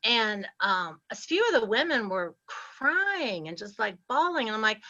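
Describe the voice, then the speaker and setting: A woman, telling her story as an interview guest with lively, laughing animation. Her voice sits fairly high and sounds bright and forceful. The audio is a bit muffled and lo-fi. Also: a little slow, hardly any pauses. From Ohio, US Midwest. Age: 60s. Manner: animated, laughs often, acts out her past self.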